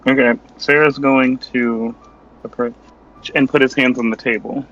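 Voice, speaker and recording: A man's voice: medium pitch, steady tone, measured pace, a bit bright. A man playing a tabletop game, describing what his character does. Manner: narrates his character's actions. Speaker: player. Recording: dull lo-fi mic.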